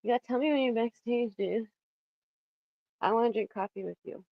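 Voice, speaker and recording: A woman's voice: a little high, fairly quick, gravelly, dry recording, lo-fi sound. A woman in her thirties hosting a casual livestream from her home kitchen, chatting in a rambling way and reading the chat aloud. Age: 30s. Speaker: livestream host. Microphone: phone.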